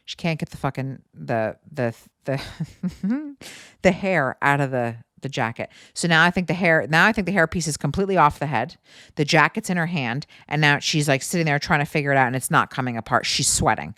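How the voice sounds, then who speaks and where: A woman hosting her own podcast, telling a story in a casual, animated way, cursing freely and often breaking into laughter. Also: low voice, moderate pace, no room sound, studio quality. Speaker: podcast host.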